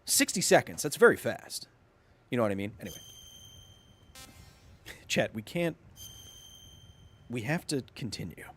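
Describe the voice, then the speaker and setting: A young man streaming a video game live, joking and talking excitedly with his chat. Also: medium pitch, measured pace, pauses often, breathy edge. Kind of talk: casual let's-play chat.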